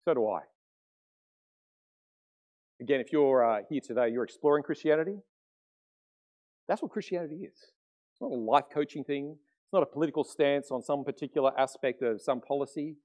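A middle-aged man preaching a sermon as pastor, conversational and animated, often acting out quotes. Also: mid-range voice, fairly quick, pauses often.

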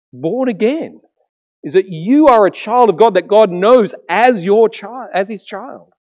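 Guy preaching a sermon, pitch jumping all over, keeps restarting and chatting right at the congregation. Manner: animated storytelling with frequent restarts, acting out voices; addresses the congregation directly with questions. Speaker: pastor.

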